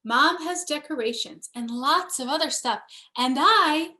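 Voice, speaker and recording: A woman's voice: sits high, a little slow, pushed and bright, pitched above the performer's own voice. A woman voicing an earnest, eager little girl in a storybook. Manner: earnest, childlike.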